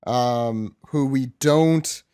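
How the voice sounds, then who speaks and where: A man's voice: medium pitch, drawn-out words, mellow, smooth. A man from New York hosting a casual podcast, chatty and self-mocking as he reads listener emails. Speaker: podcast host.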